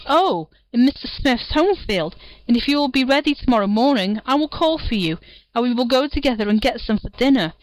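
A sly, wheedling big bad wolf from a storybook, put on by a woman reading aloud. He coaxes in a sing-song, fairly high voice, and the recording is dry and close. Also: animated, a little fast, no echo, lightly acted, rough recording.

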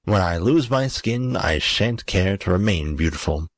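A man's voice: deep voice, lively intonation, unhurried, no room sound. A man voicing a poor, miserable glass blower in a storybook reading, with a pleading, earnest manner. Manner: pleading, then eager.

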